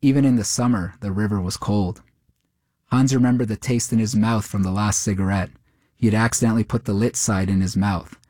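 Man reading a story, lowish voice. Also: no echo, studio quality. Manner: steady, measured narration. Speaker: narrator.

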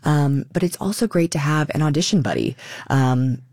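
Expressive woman actor in a dry studio. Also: low-pitched, normal speed, dry recording. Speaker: stage actor, guest. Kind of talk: radio interview.

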